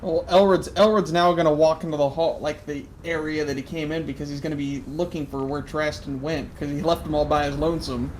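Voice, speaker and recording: A man's voice: on the high side, steady tone, brisk, hardly any pauses, slight background noise, rough recording. Chatty man playing a tabletop game. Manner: chatty, joking, explains his character's moves. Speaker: player. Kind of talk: casual tabletop play.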